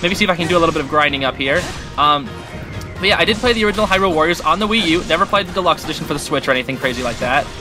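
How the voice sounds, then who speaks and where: A man hosting a gaming channel, giving excitable, chatty commentary while he plays and talks to the characters on screen. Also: on the high side, racing. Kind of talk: casual gameplay commentary. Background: game music.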